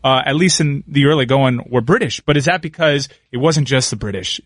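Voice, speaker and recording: A man's voice: mid-range voice, brisk, no room sound, clean studio sound. A man hosting a radio show, musing and playful in casual banter. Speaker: radio host.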